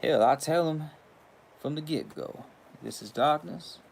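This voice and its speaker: A man's voice: on the high side, measured pace, creaky. A man putting on a sly Southern devil. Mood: smug. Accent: Southern US, Carolinas. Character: the devil, a sly smooth-talking old Southern gentleman.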